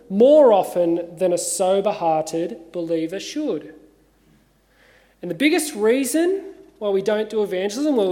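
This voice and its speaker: A man with an Australian accent, an assistant minister giving a measured, earnest sermon with gentle humour in a cathedral. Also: high-pitched. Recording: long reverb of a cathedral.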